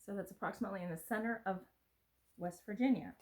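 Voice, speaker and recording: A woman's voice: mid-range voice, fast talker, a little mellow. A middle-aged woman from the United States, chatting casually and rambling a little as she unboxes gifts on her home vlog. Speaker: vlogger. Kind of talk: casual chat.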